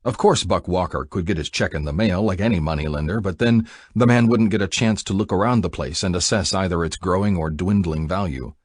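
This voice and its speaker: A man reading an audiobook in steady scripted narration. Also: deep voice, dry recording, studio quality.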